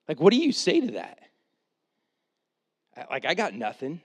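A man preaching a sermon, retelling the story in a casual, animated way with quoted asides, then dropping to a quiet, earnest tone for his main points. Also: mid-range voice, moderate pace. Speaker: pastor.

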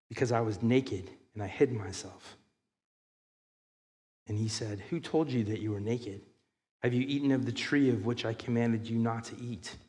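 A man preaching a sermon, reading scripture aloud and building to loud, emphatic passages. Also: medium pitch, in a large hall. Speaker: pastor.

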